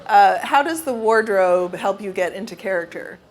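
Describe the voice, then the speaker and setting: A woman's voice: mid-range voice, lively intonation, normal speed. A woman interviewing an actor, asking casual questions in a friendly, chatty way.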